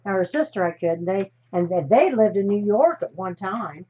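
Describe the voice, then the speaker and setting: Crafting live on stream, an American woman rambles chattily, frequently abandoning one sentence halfway to begin another. She speaks expressively at a moderate pace in a mellow, mid-range voice, over slightly dull audio with faint hiss.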